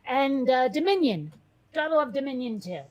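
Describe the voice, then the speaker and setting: Chatty woman with a higher voice. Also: lively intonation, normal speed, dull audio. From from a Catholic Italian family. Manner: chatty, hesitant with many fillers. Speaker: podcast co-host. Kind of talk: casual chat.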